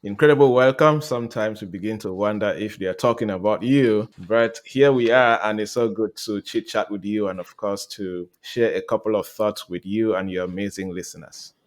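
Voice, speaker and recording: Cameroonian-accented man, interview guest, somewhat low voice, emphatic and repetitive. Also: moderate pace, hardly any pauses. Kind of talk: casual interview.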